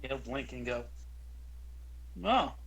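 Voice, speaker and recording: A man's voice: medium pitch, fairly even intonation, slow pace, a bit bright, slight background noise, poor audio. A man narrating his character's actions in a tabletop game, hesitant and full of fillers. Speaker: player.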